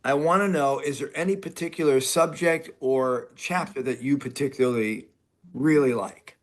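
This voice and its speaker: A man hosting an interview podcast, talking in a rambling, animated way. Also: mid-range voice, moderate pace. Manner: rambling, animated, acts out quoted people. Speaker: podcast host. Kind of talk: casual interview conversation.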